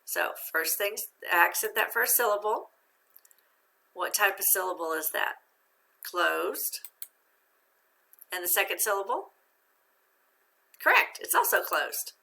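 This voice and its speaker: A woman's voice: mid-range voice, sing-song, slow, vocal fry, pauses often, bright, forceful tone. A woman teacher giving a phonics lesson to young students, patient and encouraging, asking questions and answering them herself.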